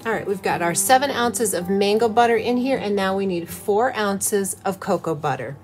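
With faint music behind her, the host of a soap-making channel, a middle-aged woman, talks through her craft tutorial step by step as she goes. Her mid-range voice is expressive and moderately paced, cheerful and chatty with soft laughter.

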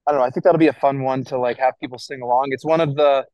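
A man, a guest musician, recalling things in a lively, earnest way during a casual interview chat. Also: medium pitch, rapid-fire, no room sound, muffled recording.

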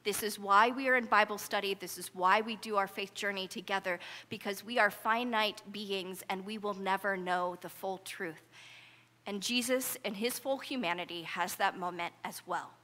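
A woman's voice: mid-range voice, moderate pace, pushed and bright. A woman pastor delivering a sermon in an earnest, conversational preaching manner. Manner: earnest, conversational preaching with rising intensity in quotes. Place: church sanctuary. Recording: long church hall reverb.

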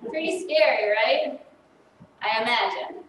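A woman's voice: a little high, measured pace, noisy background. A woman in her thirties, a priest giving a children's sermon in a chatty way, asking the congregation questions. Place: church sanctuary. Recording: echoey church from far off.

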